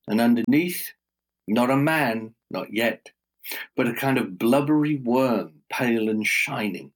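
A man telling a folk tale aloud in a slow, measured, dramatic way. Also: mid-range voice. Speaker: storyteller. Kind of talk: oral storytelling.

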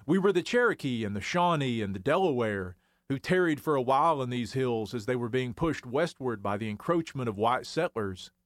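Man, measured wry storytelling, scripted radio essay, dry recording. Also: mid-range voice, animated, dry recording. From Arkansas Ozarks. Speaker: historian essayist.

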